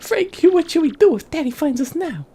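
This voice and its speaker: A woman's voice: high voice, very animated, fairly quick, warm tone, slight background noise, voice pushed up. A woman voicing a dramatic, lovesick young runaway woman in a video game, melodramatic and gushing.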